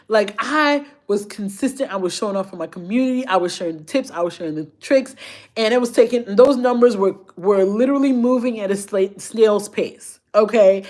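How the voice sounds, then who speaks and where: A woman, a fashion YouTuber chatting casually and emotionally with her viewers on a live stream. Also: on the high side. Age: 30s.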